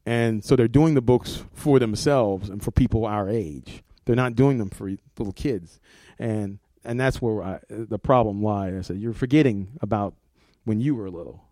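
A man's voice: fairly low pitch, measured pace, hardly any pauses, dark tone, no echo. A middle-aged man, a comics art director, talking casually in an interview, rambling and repeating words, laughing often.

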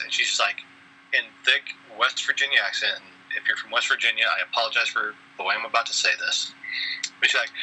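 A man's voice: medium pitch, fairly quick, bright, forceful tone, a little hiss or hum, rough recording. A middle-aged man co-hosting a podcast, telling a long, rambling story with self-deprecating asides. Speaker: podcast co-host. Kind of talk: casual storytelling chat.

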